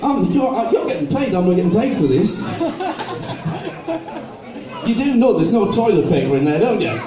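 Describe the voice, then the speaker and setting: A man's voice: high voice, very animated, moderate pace, crowd noise. An older man doing stand-up comedy, telling chatty stories and acting out people in his jokes, with an audience sing-along. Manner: chatty storytelling, acting out other people in joke dialogue. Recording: echoey venue, mic heard from a distance.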